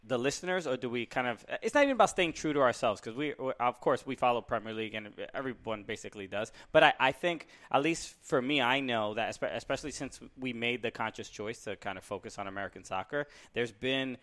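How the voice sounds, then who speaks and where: A man co-hosting a podcast in casual chat, thinking aloud with many restarts and pauses. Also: mid-range voice, a bit bright. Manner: hesitant, many restarts and uh's. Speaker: podcast co-host.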